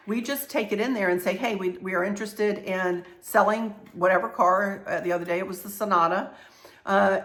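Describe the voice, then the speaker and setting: A woman's voice: medium pitch, a bit bright. A middle-aged woman hosting her own vlog, talking casually in a chatty, rambling way with many restarts. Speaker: channel host.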